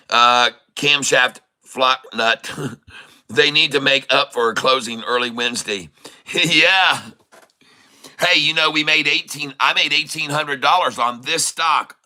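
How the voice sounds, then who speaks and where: A man hosting a casual live day-trading stream, hoarse from losing his voice, teasing and greeting his viewers with frequent chuckles. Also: medium pitch, sharp tone, low-quality recording. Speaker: day-trading livestream host.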